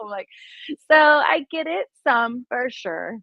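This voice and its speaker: A woman's voice: on the high side, sing-song, measured pace, no echo. A woman guest recounts her anecdotes with animation, laughing often as she talks. The sound is dry and a little muffled, with no room around it. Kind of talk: casual storytelling in an interview.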